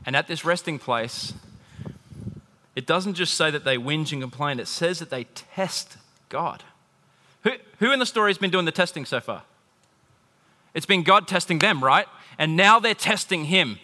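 Male pastor preaching, bright and forceful, animated, recorded in a big reverberant hall. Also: on the high side, moderate pace, long pauses. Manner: animated preaching, swinging from loud emphasis to hushed intimacy. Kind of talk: sermon.

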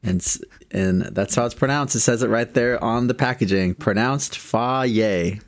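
A man's voice: medium pitch, fairly quick, no room sound, studio quality. A young man hosting a casual podcast chat, speaking with a morning voice and laughing easily. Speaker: podcast host.

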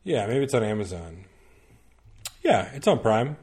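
Rambling low-voiced man, casual chat. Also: sing-song, unhurried, a little mellow, husky. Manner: rambling, full of "like" and restarts, laughs easily. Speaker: podcast guest recommending media.

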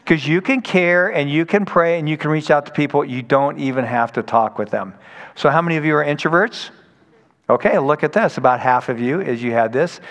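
A man's voice: fairly high pitch, a little fast. A man preaching a sermon in a conversational, storytelling way, acting out quoted people as he goes. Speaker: pastor. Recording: long hall reverb.

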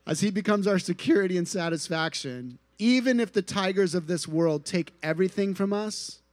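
A man delivers a sermon in an earnest voice that sits a little high for a man. He drops into soft, hushed stretches and then rises into emphatic lines. The sound is dry and close, with almost no room around it. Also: expressive, normal speed, hardly any pauses, no echo. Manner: earnest, shifts between soft hushed passages and rising emphatic ones. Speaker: pastor. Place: outdoor tent gathering.

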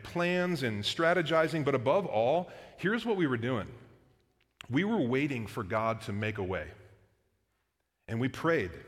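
A man's voice: mid-range voice, fairly bright tone. A man in his thirties, a pastor preaching a sermon in a casual storytelling way with frequent fillers. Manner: conversational, storytelling with filler words. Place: church auditorium. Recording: long hall reverb.

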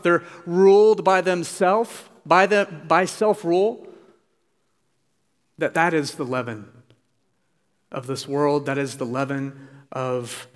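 A man preaching a sermon as pastor, earnest and pleading, with emphatic urgency. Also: on the high side. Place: church sanctuary. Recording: long reverb of a church hall.

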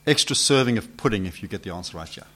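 A man preaching an expository sermon, posing rhetorical questions to his listeners and swinging from loud emphasis to hushed questions. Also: lowish voice, expressive, quick pace, breathy edge.

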